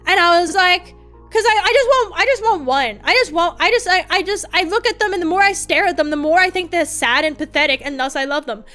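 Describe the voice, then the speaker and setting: A woman's voice: very high voice, expressive, brisk, sharp tone, faint music behind. A woman streamer chatting casually, rambling and cutting herself off with stammered restarts, candid and a bit profane. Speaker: VTuber streamer.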